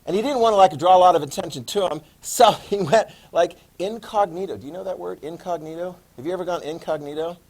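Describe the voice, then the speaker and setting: A man in his fifties giving a classroom history lecture, lively and joking, acting out quotes. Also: sits high, quick pace, hardly any pauses. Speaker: history teacher.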